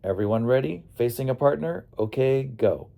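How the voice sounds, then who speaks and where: A man's voice: mid-range voice, expressive, moderate pace, creaky, warm tone, voice pushed up. A man voicing a cheerful male tour leader who gives instructions in a joking, teacherly way. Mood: instructing.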